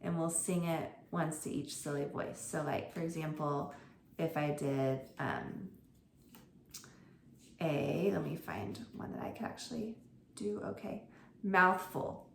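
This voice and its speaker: A woman's voice: low-pitched, lively intonation, a little slow, gravelly, darkish tone, slight background noise. A woman homeschool tutor talking through her lesson plans for other teachers in a chatty, informal way. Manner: chatty, informal, with fillers and self-corrections. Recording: roomy echo with faint ambience.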